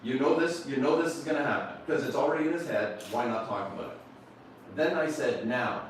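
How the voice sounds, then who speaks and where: A middle-aged man giving a motivational seminar talk to a live audience, telling a story and slowing down to stress his key lines while calling out to the crowd. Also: mid-range voice, a little hiss or hum. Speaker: motivational speaker. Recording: very echoey room, voice picked up from a distance, faint background ambience.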